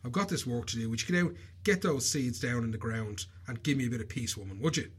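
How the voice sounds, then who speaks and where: An exasperated, blunt husband who just wants to get back to his work, told by a man in his own husky voice. The lines come out flat and fed up. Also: medium pitch, fast. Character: gruff busy craftsman husband, exasperated.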